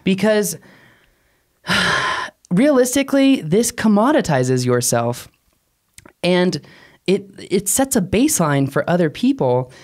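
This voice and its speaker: A man co-hosting a casual podcast discussion, animated, his pitch jumping up, laughing often. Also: slow, long pauses. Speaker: podcast co-host, drone pilot.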